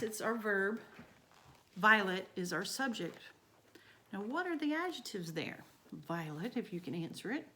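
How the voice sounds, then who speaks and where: In a recorded remote grammar lesson, a woman teacher walks students through the material by asking and answering her own questions. Her voice is mid-range and a bit bright.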